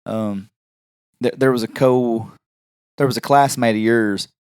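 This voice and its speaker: A man's voice: medium pitch, fairly even intonation, measured pace, a little mellow, clear, resonant tone, no echo, studio quality. Rambling man telling stories. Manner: rambling, with many restarts and fillers. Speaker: podcast co-host. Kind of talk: casual storytelling chat.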